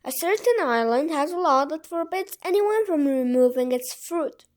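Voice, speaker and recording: Expressive woman reading a storybook. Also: high voice, moderate pace. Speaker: audiobook reader. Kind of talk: storybook narration.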